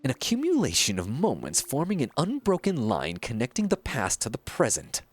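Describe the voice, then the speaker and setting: A flamboyant, self-important art master, read aloud by a streamer playing a video game, who speaks in lofty, theatrical lines. The pitch sweeps widely from line to line, lending each pronouncement a grandiose lilt. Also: huge pitch swings, normal speed. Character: pompous flamboyant art teacher. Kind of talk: reading game dialogue aloud.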